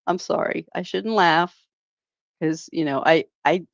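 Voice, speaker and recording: A woman's voice: on the low side, vocal fry, no room sound. A woman hosting a reaction channel, giving mocking, sarcastic commentary and laughing often.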